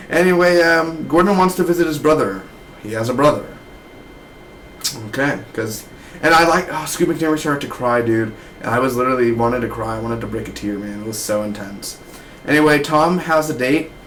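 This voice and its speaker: Young male reviewer, loose and slangy, mid-pitched voice, rambling delivery. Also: a little fast, a bit bright, a little hiss or hum, rough recording. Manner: slangy, loose, keeps saying man and dude. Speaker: TV show reviewer.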